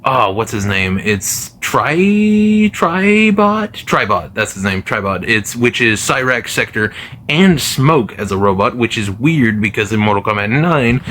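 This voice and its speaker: A man's voice: lowish voice, moderate pace, pushed and bright, a little hiss or hum. A man giving casual gaming commentary to his channel, rambling with many fillers and restarts. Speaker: gaming video creator.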